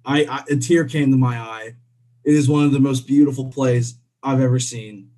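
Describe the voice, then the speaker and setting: A man's voice: mid-range voice, steady tone, normal speed, warm tone. A man co-hosting a podcast in a casual, upbeat, chatty way. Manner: chatty, upbeat, drifts into laughs. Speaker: podcast co-host. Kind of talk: casual chat.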